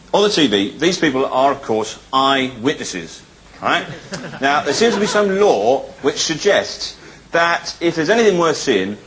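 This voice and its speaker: A comedian doing a wry, conversational stand-up routine. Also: male voice, mid-range voice, a little hiss or hum, rough recording. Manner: wry, conversational, animated voice-switching. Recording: live show with loud audience. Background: loud audience laughter.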